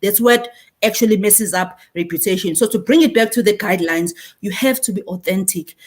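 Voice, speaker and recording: A woman's voice: mid-range voice, brisk. South African woman speaking on a panel. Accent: South African, Zulu-inflected. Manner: animated storytelling, mixes in Zulu phrases. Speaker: marketing speaker. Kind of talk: conference panel talk.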